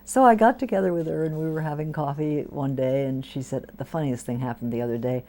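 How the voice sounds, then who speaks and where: A woman's voice: deep voice, fast talker. An older woman, a priest, telling stories from her life in an interview, bringing quoted people to life as she goes. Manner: warm anecdotal storytelling with lively quoted voices. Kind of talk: storytelling interview. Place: community TV studio.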